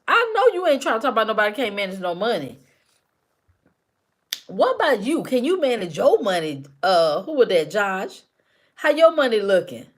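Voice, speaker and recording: A woman hosting a casual live stream, talking back to her chat commenters by name with teasing, repetitive banter. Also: on the high side.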